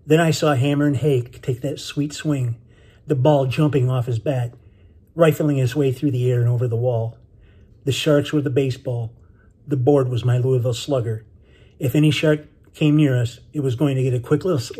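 Husky-voiced man narrating a novel. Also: mid-range voice. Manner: steady, measured storytelling. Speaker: author reading his novel. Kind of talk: scripted narration.

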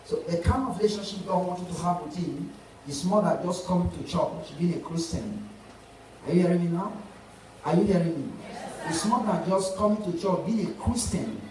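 A Nigerian pastor with a high voice preaches to his congregation, often breaking off to ask them questions. He is heard from some distance in a strongly echoing church hall, with a faint hiss under the sound. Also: a little mellow. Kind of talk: sermon.

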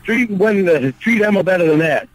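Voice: medium pitch, animated, moderate pace, no echo. A man on a phone call who apologizes, then scolds firmly.

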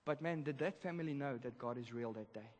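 A man preaching a sermon, telling a story in a lively, casual way with slang. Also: mid-range voice, brisk. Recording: reverberant church hall.

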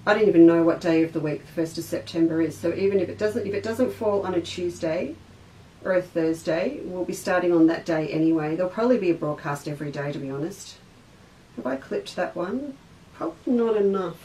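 A chatty Australian woman runs a relaxed sewing class for her online viewers, rambling between steps. She sounds set back from the microphone in an echoey craft studio with a faint hum of room ambience. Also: lowish voice, brisk, distant mic. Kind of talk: casual livestream craft class.

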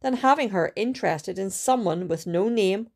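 A woman reading a storybook aloud with a steady, careful delivery and small restarts. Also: medium pitch, normal speed. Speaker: student reader.

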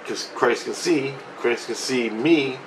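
A man's voice: mid-range voice, slow pace, background noise. Man telling a rambling, profane story. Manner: profane, agitated, restless retelling with frequent restarts.

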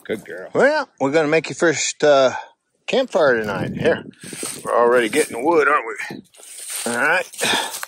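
A man vlogging outdoors on a hunting trip, chatting casually and coaxing his dog along in a fond, high, sing-song voice. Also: sing-song, a little slow, long pauses, a bit bright, a little hiss or hum. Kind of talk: casual outdoor vlog narration. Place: outdoors by a river in the wind.

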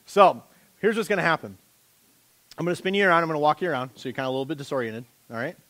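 A man preaching a sermon as pastor, animated and conversational, joking with a volunteer on a church stage. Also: a little high, very fast. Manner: animated, rising to loud impassioned preaching.

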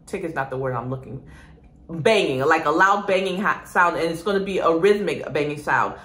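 A woman nursing instructor giving an energetic exam-prep lecture, calling the students "guys" and asking and answering her own questions. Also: deep voice, moderate pace, roomy sound.

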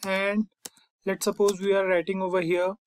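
A young man hosting a coding tutorial, calmly walking through each step and often saying "fine" and "over here". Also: high-pitched, normal speed. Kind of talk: screen-recorded coding lesson.

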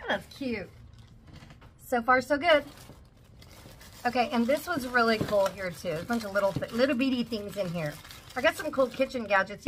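A woman's voice: medium pitch, a bit bright, a little hiss or hum. Gushing chatty woman unboxing a haul. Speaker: vlogger. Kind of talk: casual haul video. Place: home.

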